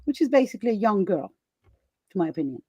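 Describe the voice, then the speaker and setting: A very animated woman hosts a live summit chat over video call, speaking quickly in a medium-pitched, mellow voice with a breathy edge. She's chatty, laughs often and uses lots of fillers and restarts; the audio has no room sound.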